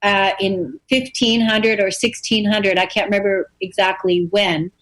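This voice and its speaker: A woman's voice: medium pitch, fairly even intonation, measured pace, a bit bright. A woman hosting a radio talk show, speaking earnestly in a loose, rambling way, with many fillers and repeated phrases. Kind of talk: casual conversation.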